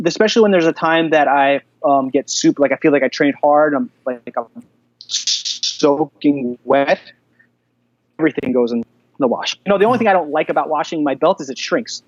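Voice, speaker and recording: Man, podcast guest, chatty animated storyteller, slightly high voice, dull dry audio. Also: normal speed, no room sound. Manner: animated storyteller, many fillers. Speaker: guest, jiu-jitsu black belt instructor. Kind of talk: casual podcast interview.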